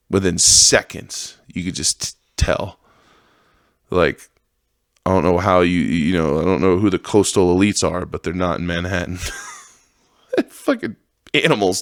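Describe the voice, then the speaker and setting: A man's voice: deep voice, steady tone, a little slow, pauses often, dry recording, studio quality. A man hosting a podcast, ranting casually in a profane, sarcastic, rambling way and laughing often. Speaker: podcast host. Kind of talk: casual monologue rant.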